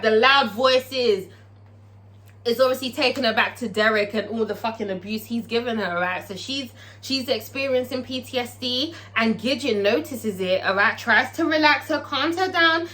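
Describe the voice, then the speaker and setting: A woman recapping a TV episode in a casual vlog, profane and excitable, tagging her lines with "okay?". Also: a little high. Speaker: TV show reviewer.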